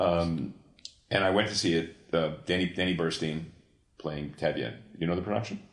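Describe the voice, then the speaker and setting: Deep-voiced man telling a story. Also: normal speed. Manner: profane, animated storytelling with restarts. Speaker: guest, comics creator. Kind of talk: storytelling in a podcast interview. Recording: echoey room.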